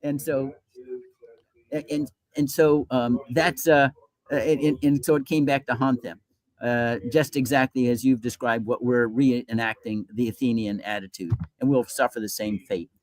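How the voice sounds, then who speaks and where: A man appearing as a guest in a political talk show, cutting in to retell a historical story in a lively way. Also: mid-range voice, moderate pace, rough recording.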